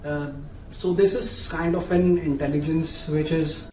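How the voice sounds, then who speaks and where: A man's voice: fairly high pitch, fairly even intonation, warm tone, lightly acted. A man voicing a flustered young student who stumbles and then pleads for secrecy. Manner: halting, pleading. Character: flustered young male student cheating on a project. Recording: roomy, distant mic, faint hiss.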